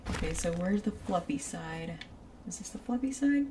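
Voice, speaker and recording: A woman's voice: on the low side, lively intonation, normal speed, far from the mic, noisy background. A woman streaming a building game, rambling and giggling as she chats with her viewers. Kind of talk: casual chat while playing a building game.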